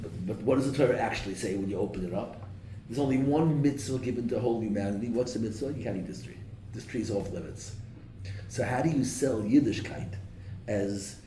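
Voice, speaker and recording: A rabbi teaching a Torah class to a live room. He peppers his listeners with questions and sprinkles in Hebrew and Yiddish terms. His voice is dark and mellow, and it is caught from across an echoey room with a faint hum behind it. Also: medium pitch. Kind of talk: lively Torah class lecture. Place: classroom or study hall with a live audience. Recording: echoey room, mic at a distance.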